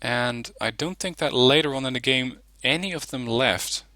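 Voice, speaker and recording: A man talks through a strategy game replay in a loose, conversational way, pausing on ums as he thinks. His voice has a bright, forward edge. The recording is dry and close, with no room sound. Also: medium pitch, no echo. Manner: relaxed, chatty, many ums. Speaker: gaming channel host. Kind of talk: casual replay commentary.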